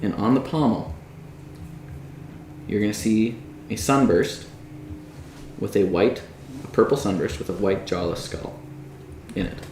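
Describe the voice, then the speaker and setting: A man running a tabletop game as dungeon master, narrating scenes in a low, hushed storytelling voice. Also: measured pace, long pauses, echoey room, slight background noise, rough recording.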